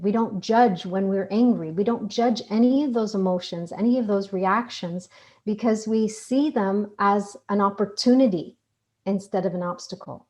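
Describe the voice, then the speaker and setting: Calm woman giving a self-help talk. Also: medium pitch. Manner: calm, repetitive, list-like phrasing. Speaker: guest speaker. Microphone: online video call.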